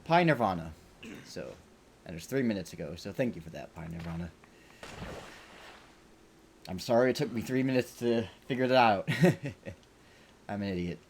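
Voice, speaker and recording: A man's voice: lowish voice, animated, moderate pace, long pauses, a little mellow, slight background noise. A man streaming a game, chatting in a rambling, self-deprecating, joking way. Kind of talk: let's play commentary. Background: game music.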